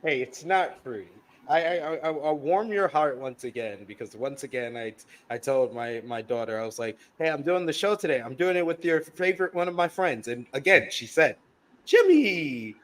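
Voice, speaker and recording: A man's voice: mid-range voice, brisk, hardly any pauses, a bit bright. A man hosting a casual live podcast, upbeat and chatty as he reads out the chat. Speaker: podcast host.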